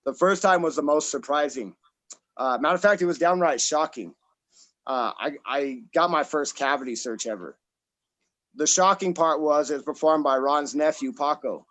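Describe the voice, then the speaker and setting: Man, mid-thirties, from Colorado, stand-up comic on a video call, rambling and self-deprecating, slightly high voice. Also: moderate pace, a bit bright, low-quality recording. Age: 30s. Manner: rambling, self-deprecating, many fillers and restarts.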